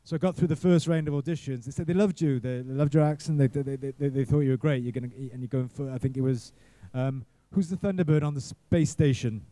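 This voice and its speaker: A middle-aged man, a guest actor, telling rambling self-deprecating stories at a convention panel, full of halting restarts. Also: mid-range voice, warm tone, dry recording. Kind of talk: casual convention panel storytelling.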